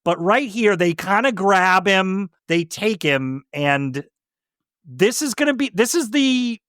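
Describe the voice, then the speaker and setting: A man with a high voice co-hosts a casual movie podcast. He recaps scenes for the listeners in a conversational way, and his pitch moves a lot. The sound is close and dry. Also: animated, slow pace, fairly bright tone, no echo. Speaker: podcast co-host. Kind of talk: casual movie review chat.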